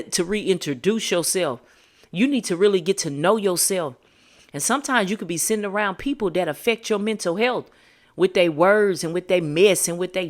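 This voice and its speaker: A woman hosting a podcast, giving a motivational monologue in a preachy, emphatic, slangy way. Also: on the low side. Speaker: podcast host.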